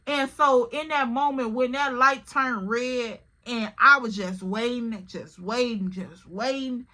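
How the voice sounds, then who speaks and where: A woman's voice: on the high side, slow pace, sharp tone. A woman telling a personal story to her viewers in a candid, emotional, casual way, often calling the listener "girl". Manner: casual, repeats "like" and "literally". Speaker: storytime vlogger.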